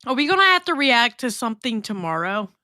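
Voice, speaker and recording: Brash, tipsy, bright-voiced woman streamer. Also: fairly high pitch, sing-song, brisk, dry recording, clean studio sound. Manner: crude, brash, swears a lot. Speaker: livestream co-host. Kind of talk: casual livestream chat.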